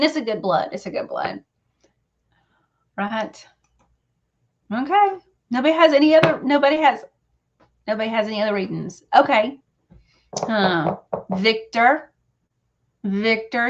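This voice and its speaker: A woman's voice: fairly high pitch, normal speed, pauses often. A woman giving readings on a live show, confiding and emotional, chatting with viewers and laughing easily. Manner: emotional, confiding, says y'all, breaks into laughs. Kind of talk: live stream talk with viewers. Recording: slightly dull, lo-fi stream audio.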